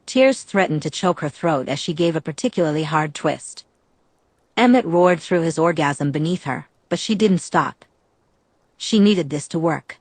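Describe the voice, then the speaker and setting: Low-voiced woman narrating an audiobook. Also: expressive, normal speed, no room sound.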